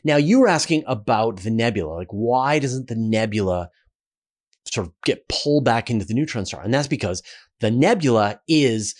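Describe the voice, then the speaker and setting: Canadian guy, mid-pitch voice, loose chatty q&a, lots of uhs. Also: normal speed. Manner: relaxed, chatty, many fillers and restarts. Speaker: host. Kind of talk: casual Q&A talk.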